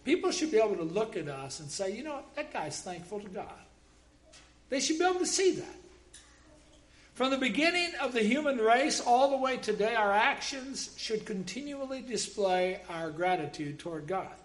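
A man's voice: high-pitched, very animated, moderate pace. A man preaching a sermon, emphatic, quoting scripture and dropping wry jokes.

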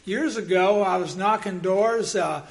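A man preaching a sermon as pastor, telling personal stories in a lively way and bursting into loud acted quotes. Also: high voice, measured pace, vocal fry.

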